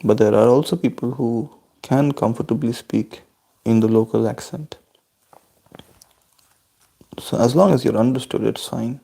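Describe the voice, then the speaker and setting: A man from India, chatting on a video call with his family and answering their questions in a measured, thoughtful and polite way. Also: mid-range voice, gravelly, dark tone, husky.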